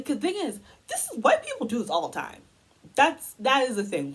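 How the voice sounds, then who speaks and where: A woman's voice: mid-range voice, husky, poor audio. A young woman from the United States delivering a heated, exasperated commentary rant as a vlogger.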